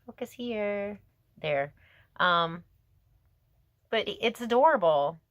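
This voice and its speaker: A woman's voice: medium pitch, expressive, slow, dry recording, clean studio sound. A woman giving a casual tarot reading to camera outdoors, gushing and emotional, laughing and musing aloud to herself. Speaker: tarot reader.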